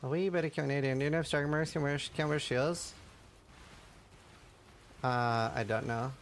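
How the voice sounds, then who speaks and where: A man's voice: a little high, fairly even intonation, normal speed, slight background noise. A man streaming casually, joking and chatting with his viewers. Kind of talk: casual livestream chat.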